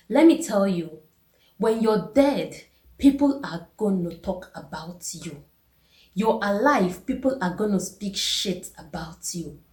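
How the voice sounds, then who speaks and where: A woman's voice: mid-range voice, warm tone, reverberant. A young woman giving an earnest self-care pep talk, repeating key words and asking the listener direct questions. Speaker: vlogger.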